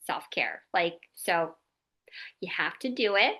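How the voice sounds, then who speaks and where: Slow and sing-song, this podcast host in her thirties has a fairly low, bright, forceful voice. She talks candidly and casually, sprinkling in "like" constantly along with some mild swearing.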